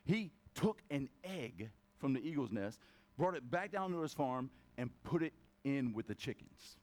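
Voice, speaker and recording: A man's voice: mid-range voice, measured pace. A male pastor preaching a casual sermon, telling stories and acting out voices as he goes. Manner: animated storytelling, acts out voices.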